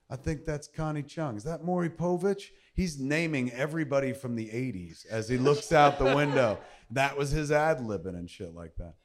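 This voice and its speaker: Profane animated storyteller man. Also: medium pitch. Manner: animated storyteller, laughing, swearing, acting out quotes. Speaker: host telling a story. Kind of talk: casual anecdote, profane.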